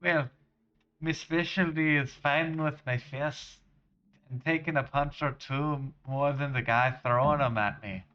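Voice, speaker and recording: A man voicing a tough male fist-fighting trainer in a put-on Scottish accent, with rough, clipped dialect. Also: on the high side, fairly even intonation, a little slow, pushed and bright, dull audio. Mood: gruff.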